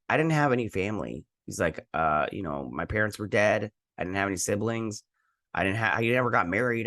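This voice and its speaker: A man hosts a casual episode recap, rambling along as he quotes the characters. His voice sits low but swings up and down with lively pitch. The sound is dry and close to the mic. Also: no echo. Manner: rambling, animated retelling with quoted lines. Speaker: host.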